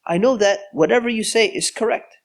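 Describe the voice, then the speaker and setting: A man's voice: high-pitched, expressive, moderate pace, voice pushed up. A man voicing an elderly father and prophet who urgently pleads. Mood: imploring. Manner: urgent, imploring.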